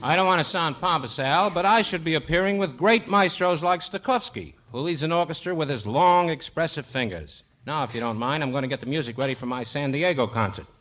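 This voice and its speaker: A man's voice: fairly high pitch, fairly quick, few pauses, a bit bright. A man playing a sardonic pianist on a 1940s radio comedy show, delivering dry scripted lines. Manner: dry, sardonic, laughs at his own lines. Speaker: pianist and comic guest. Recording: old radio broadcast with noise.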